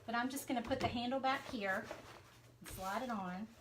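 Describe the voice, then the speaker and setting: A woman's voice: a little high, normal speed. Southern lady rambling to her viewers while she crafts, lots of ums, noisy home recording. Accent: Southern American. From Southern United States. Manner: chatty, talks to viewers while working, many fillers. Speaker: craft vlogger. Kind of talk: casual live-stream crafting chat.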